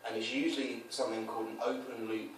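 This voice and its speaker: A man's voice: medium pitch, fast. A man casually explaining his coaching approach, switching into quoted voices to act out scenes. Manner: animated, acts out quoted lines in changed voices. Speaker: dating coach. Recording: roomy echo, mic from a distance, faint noise.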